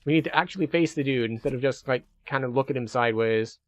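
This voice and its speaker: A man's voice: mid-range voice, fast talker, dry recording. Chatty male gaming commentator. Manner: chatty, self-deprecating play-by-play. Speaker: gaming streamer. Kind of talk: casual gameplay commentary.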